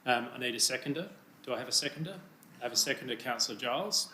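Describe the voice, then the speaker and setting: Brisk man chairing a meeting. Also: medium pitch, sharp tone, slight background noise. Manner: brisk, procedural, polite. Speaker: committee chair. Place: council chamber. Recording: roomy chamber sound.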